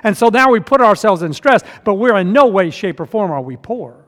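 A man preaching a sermon as pastor in a church, swinging from hushed to loud and emphatic. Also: high-pitched, very animated, a little fast. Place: church sanctuary. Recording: long reverb of a church hall.

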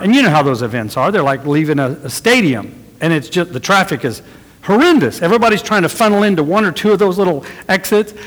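A man's voice: a little high, fairly bright tone, long reverb tail, low-quality recording. A middle-aged man preaching a sermon, telling folksy stories with chuckles and acting out other people's lines. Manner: folksy storytelling, chuckling, acts out quotes. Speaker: pastor. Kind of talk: sermon with anecdotes.

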